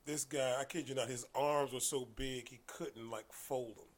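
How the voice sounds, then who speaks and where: A man telling stories in casual conversation as a podcast guest, animated, dropping into hushed asides and then loud bursts. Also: mid-range voice, moderate pace, a little hiss or hum.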